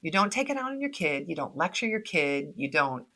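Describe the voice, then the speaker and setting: A woman's voice: sits low, sing-song, brisk, sharp tone. A middle-aged woman speaking as a podcast guest in casual conversation, laughing often and acting out quoted voices.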